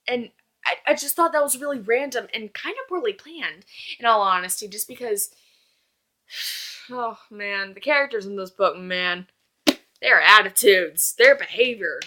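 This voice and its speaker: A woman's voice: mid-range voice, bright, forceful tone. A young woman chatting casually in a book review vlog, gushing and acting out characters' lines.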